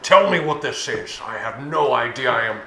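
A man's voice: medium pitch, lively intonation, moderate pace, lightly acted. A man doing a playful impression of a pompous immortal Spaniard, mock-grand in manner. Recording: echoey room with chatter behind.

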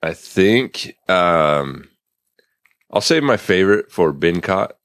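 A man co-hosting a casual chat, telling stories in a relaxed way and laughing often. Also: deep voice, takes it slowly, no room sound, studio quality. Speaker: podcast co-host.

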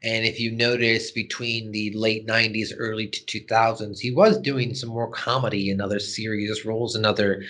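Podcast guy recapping an episode, bright voice, chatty and animated. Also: on the low side, moderate pace, hardly any pauses. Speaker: podcast co-host.

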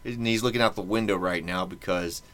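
A man's voice: low-pitched, a little fast, a bit bright, a little hiss or hum. A man hosting a podcast in casual chat, rambling and joking with many fillers. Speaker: podcast host.

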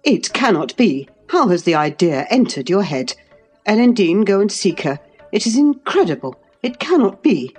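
A woman voicing a proud gentleman of the house in an audiobook, speaking in a clipped, commanding way. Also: on the low side, unhurried, soft background music, close to an everyday voice. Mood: agitated. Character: stern gentleman, agitated then coldly proud.

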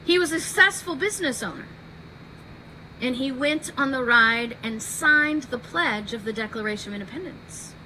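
A woman podcast host telling a history story in an animated way, acting out the quotes. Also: high voice, normal speed, slight background noise, rough recording.

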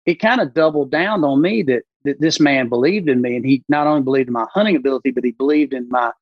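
Animated, storytelling man on a podcast. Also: medium pitch, fast, no room sound, highs cut off. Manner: animated storyteller who acts out quoted voices. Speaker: podcast guest, bowhunter. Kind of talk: casual podcast conversation.

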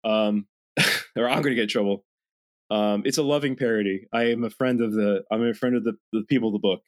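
A man co-hosting a podcast in casual chat, profane and rambling, slipping into animated impressions. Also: fairly low pitch, brisk. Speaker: podcast co-host.

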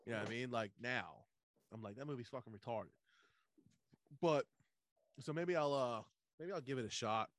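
A man chatting casually and excitedly retelling movie scenes, swearing a lot. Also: medium pitch, moderate pace, long pauses. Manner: animated storyteller, swears a lot, acts out movie quotes. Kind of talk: casual chat.

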